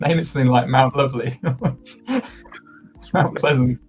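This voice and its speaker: A man co-hosting a casual podcast chat, jokey and quick to laugh. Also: medium pitch, a little mellow, soft background music. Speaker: podcast co-host.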